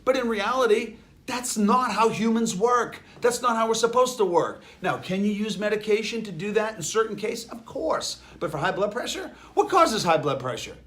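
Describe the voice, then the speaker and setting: A man's voice: high voice, expressive, moderate pace, a bit bright. A man with a Boston accent giving an emphatic health lecture, firing off rhetorical questions. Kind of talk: lecture to an audience.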